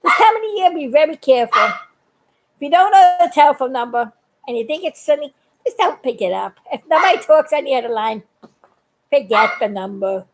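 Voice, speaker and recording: Older woman, high voice, chatty, earnest, laughs often, casual live video talk. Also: animated, a little fast, poor audio. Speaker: vlogger.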